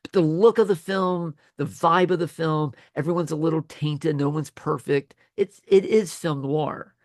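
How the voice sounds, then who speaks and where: A man's voice: fairly high pitch, measured pace, darkish tone, no room sound, clean studio sound. A man giving a casual classroom lecture, chatty and often correcting himself mid-sentence. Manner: chatty, self-correcting with many restarts.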